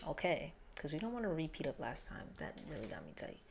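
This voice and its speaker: A woman's voice: sits low, brisk, gravelly. Chatty woman reacting to an album. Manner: chatty and animated, swears casually, talks to viewers directly. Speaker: music reaction YouTuber. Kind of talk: casual chat, reacting to an album. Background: faint music from the album.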